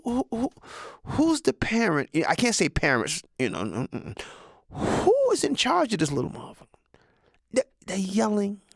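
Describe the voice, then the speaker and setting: A man's voice: sits high, gravelly, no room sound, studio quality. Profane, rambling comedian in his sixties. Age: 60s. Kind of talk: stand-up monologue.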